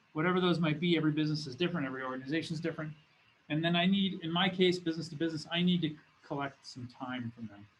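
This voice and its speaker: A man's voice: on the high side, a bit bright, a little hiss or hum, rough recording. A man teaching as a business school professor in a recorded lecture, talking in a conversational way and often restarting his phrases. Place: classroom or studio with a document camera.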